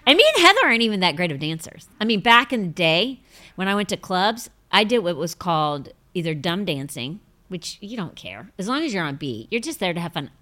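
A middle-aged woman hosting a casual chat show, rambling through self-mocking stories. Her voice is bright and lively, jumping up and down in pitch. She breaks into high laughing fits. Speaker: host.

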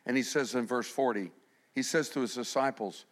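A middle-aged man preaching a sermon, animated, swinging between loud emphasis and hushed passages. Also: mid-range voice, normal speed. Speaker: pastor.

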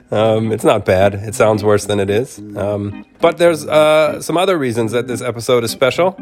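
A man with a cold, hosting a podcast from a home studio and reading a storybook chapter aloud in a relaxed way. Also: fairly low pitch, a little slow, faint music behind. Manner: relaxed, with fillers and soft laughs. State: has a cold. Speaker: podcast host and narrator. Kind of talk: casual appeal and storybook narration.

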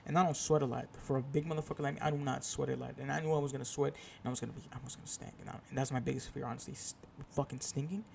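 A man's voice: medium pitch, steady tone, very fast, vocal fry, hardly any pauses, a little mellow, a little hiss or hum. A young man hosting his own podcast, telling a rambling, profane, self-deprecating story in a casual solo chat. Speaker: podcast host.

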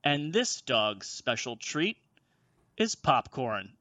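A man tells a rambling, swear-filled anecdote, laughing along the way. His voice is bright and forward. The recording is dry and close, with no room sound. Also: medium pitch, slow, no room sound. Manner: profane, animated, laughing while telling. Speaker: storyteller on a comedy podcast. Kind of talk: casual anecdote telling.

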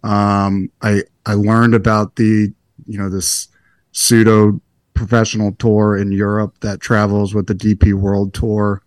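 A young man in his twenties, a golfer being interviewed, telling stories in a relaxed, rambling, self-deprecating way. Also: lowish voice, measured pace, no room sound, studio quality. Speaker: guest golfer. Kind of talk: casual interview storytelling.

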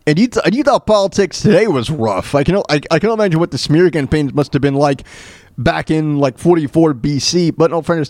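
A man's voice: fairly high pitch, a little mellow, no room sound, studio quality. Stammering, jokey male podcast host. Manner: rambling, jokey, stammers and repeats words. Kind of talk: casual comedic commentary.

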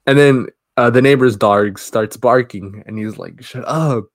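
Male podcast co-host, mid pitch, dead dry sound, loose rambling plot recap. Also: no room sound. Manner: rambling retelling with quick acted quotes. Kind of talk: casual movie recap chat.

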